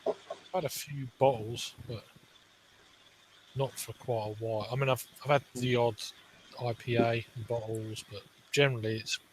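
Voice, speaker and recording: Laid-back male co-host, mid-pitched, short casual remarks, faint background hum. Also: level tone, normal speed, low-quality recording. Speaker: podcast co-host. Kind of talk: casual chat.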